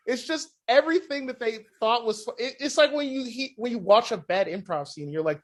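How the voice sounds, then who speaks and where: A podcast guest with a high voice for a man. He tells his stories in a profane, animated way and acts out the quotes in casual chat. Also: a little fast, few pauses.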